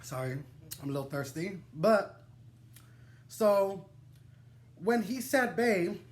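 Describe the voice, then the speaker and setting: A young man telling a wild personal story to the camera, animated and dramatic, swearing freely and laughing through his digressions. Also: high voice, slow pace, slight background noise. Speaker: vlogger. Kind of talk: storytime vlog, casual and profane.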